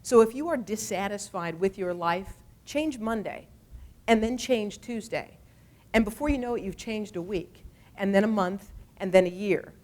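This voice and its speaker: Woman tv anchor telling her story, chatty and candid, lots of little asides, mid pitch. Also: normal speed. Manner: animated, acts out conversations in different voices; candid and conversational, many asides. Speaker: TV morning show anchor. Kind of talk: personal storytelling talk.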